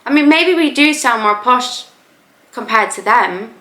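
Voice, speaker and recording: Young english girl rambling on, lots of likes, kinda bright high voice, echoey room. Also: lively intonation, a little slow. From England. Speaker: YouTuber reacting to a video. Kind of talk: casual chatty commentary. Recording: roomy echo.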